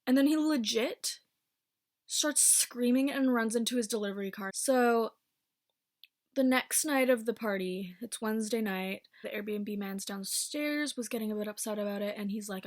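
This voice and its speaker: Blunt and freely swearing, a twenty-something vlogger with a somewhat high voice tells a casual storytime. She speeds up in quick bursts, then slows down again between them.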